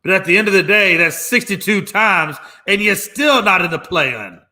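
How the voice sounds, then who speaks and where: A man's voice: high voice, expressive, moderate pace, bright, forceful tone. A man hosting his own sports talk show alone, ranting emphatically and mockingly, repeating lines for effect. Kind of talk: solo sports talk rant.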